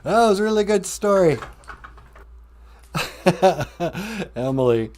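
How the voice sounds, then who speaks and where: A man's voice: high-pitched, big pitch swings, very slow, long pauses. A man hosting a podcast in a laid-back, chuckling manner, fumbling for his words now and then. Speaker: podcast host. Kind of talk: casual podcast chat. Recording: podcast with guitar music behind. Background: guitar music.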